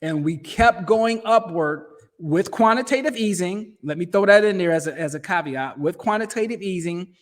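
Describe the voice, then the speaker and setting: Midwestern male host, chatty, punchy delivery, slightly higher voice, finance commentary. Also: expressive, normal speed, few pauses. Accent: Midwestern American. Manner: conversational and emphatic, with restarts and slang. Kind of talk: casual commentary over a shared screen.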